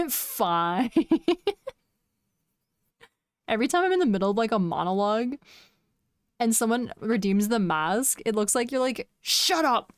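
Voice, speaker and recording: A woman's voice: a little high, expressive, a little slow, pauses often, smooth, dry recording, clean studio sound. A young woman streaming from home, chatting casually with her viewers in a playful, teasing way and laughing often. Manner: playful, giggly, teasing chat.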